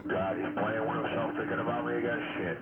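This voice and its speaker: A man's voice: medium pitch, steady tone, quick pace, very noisy. Man taunting over tinny CB radio. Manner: taunting, calling out handles. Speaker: CB radio operator.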